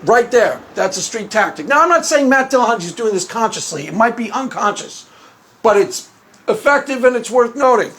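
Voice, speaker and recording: A man's voice: very high voice, brisk. A man talking unscripted to his video audience, telling stories animatedly and acting out what others said, often laughing. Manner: animated storytelling, acts out quotes, laughs often; conversational, many restarts. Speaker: YouTube commentator.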